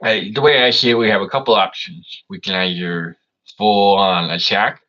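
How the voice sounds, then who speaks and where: A man's voice: lowish voice, moderate pace, bright, forceful tone. A man playing a tabletop role-playing game, laying out plans in a scheming way. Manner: scheming, suggests blowing things up. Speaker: player. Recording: dull lo-fi audio.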